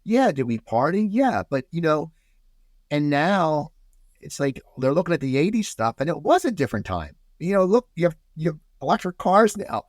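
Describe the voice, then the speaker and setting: An American man, a podcast guest, chatting casually and telling animated stories full of restarts. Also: a little high, normal speed, no room sound, studio quality. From United States. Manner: animated storyteller, many restarts.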